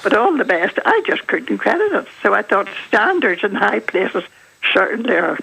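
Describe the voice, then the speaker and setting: A woman's voice: mid-range voice, very animated, normal speed, vocal fry, sharp tone, slightly rough. An older woman from Northern Ireland with a Northern Irish accent, phoning in to a radio talk show, indignant and emphatic. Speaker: caller. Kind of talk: radio phone-in. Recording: phone line.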